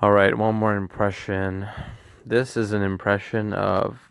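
A man presenting a series of comedy impressions in a dry, unhurried way. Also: fairly low pitch, flat delivery, gravelly, smooth.

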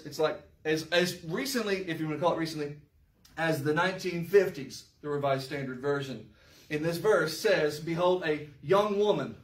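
Male Bible teacher, high-pitched, emphatic and wry, miked from a distance. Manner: animated, emphatic, with sarcastic asides. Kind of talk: verse-by-verse Bible study lesson. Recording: roomy echo, mic far off.

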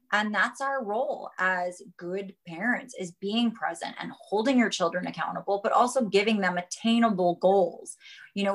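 A woman's voice: medium pitch, fairly bright tone. A woman speaking as a guest, earnest and frank, rambling a little as she talks. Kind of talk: casual chat.

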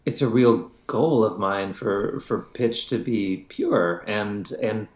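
A man's voice: lowish voice, takes it slowly, reverberant, lo-fi sound. A man, a classical musician as an interview guest, answering thoughtfully and hedging with many fillers. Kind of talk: conversational interview.

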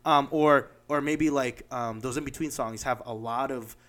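A man co-hosting a podcast in a loose, casual chat. He rambles, restarts sentences and leans on fillers as he talks an idea through with examples. His pitch sits in an ordinary middle range. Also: moderate pace, a bit bright. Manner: explains with examples. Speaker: podcast co-host.

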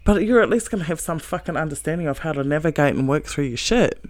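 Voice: medium pitch, expressive, fast talker, dry recording. Blunt, profane motivational speaker, dry sound. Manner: earnest, emphatic, with short laughs. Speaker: self-help speaker. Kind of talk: motivational monologue.

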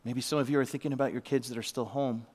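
A man's voice: medium pitch, steady tone, fast, darkish tone. A middle-aged man giving a sermon as a pastor, telling a heartfelt story and sometimes dropping to a whisper. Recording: long reverb of a large hall.

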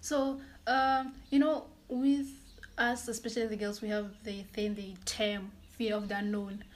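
A woman's voice: mid-range voice, flat delivery, measured pace, a little hiss or hum. A woman hosting a podcast, asking easygoing questions and encouraging her guest. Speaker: podcast host. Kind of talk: casual interview.

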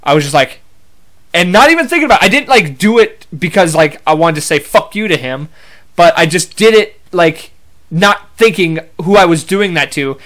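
A man's voice: high voice, lively intonation, moderate pace, fairly bright tone. A young man hosting a podcast, telling casual stories in a rambling, self-correcting way with some swearing. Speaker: podcast host. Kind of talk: casual storytelling monologue.

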